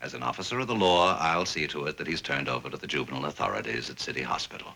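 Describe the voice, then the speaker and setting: A man's voice: rumbling low, very fast, vocal fry, sharp tone, exaggerated voice. A man playing a stern, sarcastic police lieutenant who speaks officiously. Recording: faint hiss of old TV soundtrack.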